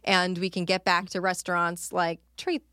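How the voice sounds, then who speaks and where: A woman with a lowish voice co-hosts a casual podcast, wandering through her points with plenty of ums and the odd swear. The sound is dry and close, with no room around it. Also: flat delivery, moderate pace, sharp tone, dry recording. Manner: rambling and profane, with frequent ums. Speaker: podcast co-host; out-of-work service industry worker. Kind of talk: casual chat.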